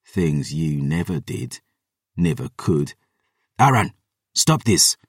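A big, gentle warrior who speaks low and soft, as a man reading the story gives him voice. His lines sink deeper and quieter than the narration, tender and pleading. Recorded dry and a little off-mic. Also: expressive, a little slow, slightly rough, no room sound, recorded from a distance, full character voice. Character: big gentle male warrior, loving and sorrowful.

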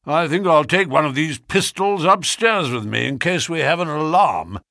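Brief: a man playing an easygoing old colonel, lively pitch, dry close sound. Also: normal speed, no echo, full character voice. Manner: genial, matter-of-fact storytelling. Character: hearty older country colonel, genial and matter-of-fact.

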